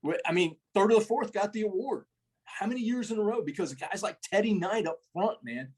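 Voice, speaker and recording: A man's voice: sits high, expressive, brisk, darkish tone, slightly rough. A middle-aged man, a retired first sergeant, telling rambling, profane army stories as a podcast guest. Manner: rambling, profane, folksy storyteller. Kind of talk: casual storytelling interview.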